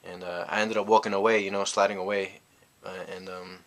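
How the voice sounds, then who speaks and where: Young man, from the United States, low voice, bright forceful tone, rambling casual storytelling, lots of fillers. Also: level tone, fairly quick. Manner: rambling, reflective, heavy on "you know" fillers. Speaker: vlogger.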